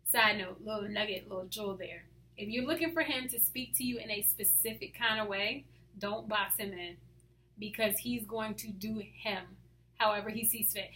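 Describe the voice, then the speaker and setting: Bright-voiced hyper woman sharing faith. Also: a little high. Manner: hyper, animated, drops to soft asides. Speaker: faith vlogger. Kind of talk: casual devotional talk to camera.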